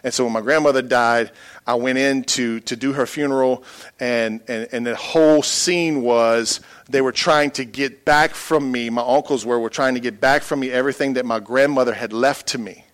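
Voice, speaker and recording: Preacher man, mid voice, tells a heavy personal story, goes soft then really loud. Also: medium pitch, fairly even intonation, moderate pace. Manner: emotional storytelling, swings from quiet to loud. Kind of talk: sermon.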